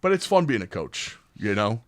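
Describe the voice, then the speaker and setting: A man's voice: fairly low pitch, normal speed, no echo, studio quality. A young man, a podcast guest telling stories in casual chat and acting out the voices of other people. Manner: animated storyteller, acts out quoted voices loudly.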